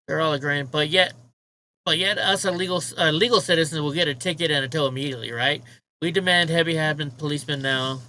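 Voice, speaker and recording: A man's voice: fairly high pitch, steady tone, brisk, pushed and bright, slight background noise, rough recording. A man hosting a casual livestream, ranting with profanity and mocking remarks while he talks to his chat. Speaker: livestream host.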